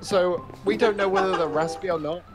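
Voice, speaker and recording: A man's voice: sits high, a little fast, over loud music. A man streaming a video game, talking casually in a rambling, hesitant way. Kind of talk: casual gaming chat.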